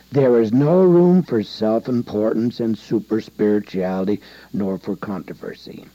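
A man preaching a sermon, emphatic and exhorting, with rising loud passages. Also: mid-range voice, no room sound. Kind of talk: radio sermon. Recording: dull lo-fi sound.

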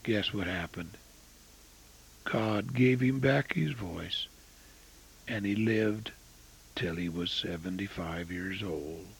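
A man in his eighties preaching a storytelling sermon, swinging between loud exclamations and hushed asides. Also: low-pitched, takes it slowly, gravelly, long pauses, breathy edge, low-quality recording. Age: 80s.

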